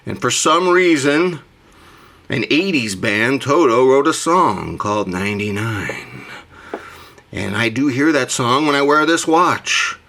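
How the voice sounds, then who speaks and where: A man with a rough morning voice, hosting a casual vlog monologue about his collection. He gushes theatrically and talks to himself as he goes. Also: mid-range voice, animated, slow pace, pushed and bright. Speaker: watch collector vlogger.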